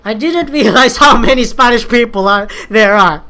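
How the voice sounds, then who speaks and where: A woman's voice: fairly high pitch, moderate pace, fairly bright tone. A young woman from the Philippines, talking through a casual, rambling monologue, hesitant and full of fillers and restarts. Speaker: vlogger.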